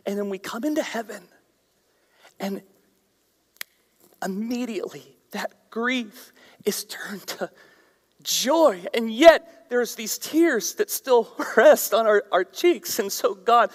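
A man preaching a sermon as a pastor, swinging from shouted emphasis down to hushed whispers. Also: extremely high pitch, animated, slow. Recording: reverberant hall, voice at times far from mic.

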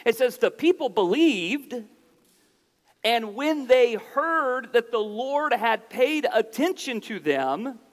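A man with a very high voice preaches slowly and deliberately, unpacking scripture as he goes. He restarts phrases for emphasis. His words ring out with the long reverb of a large hall. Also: very animated. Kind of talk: sermon.

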